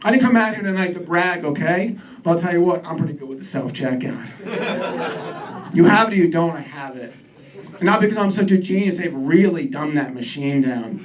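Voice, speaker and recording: On stage at a comedy club, this comic rants in a high, animated, brisk voice, mocking himself sardonically and growing heated. A distant microphone picks him up along with the audience's laughter.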